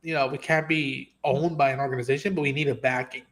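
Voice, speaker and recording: Speaking fast at a medium pitch, the stream host chats through spoilers in a relaxed review. He curses freely, stays animated, and acts out lines he quotes.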